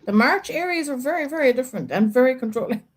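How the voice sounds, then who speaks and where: A woman's voice: high-pitched, lively intonation, fast, poor audio. A woman hosting a casual live chat about a reality show, opinionated and chatty, with lots of fillers.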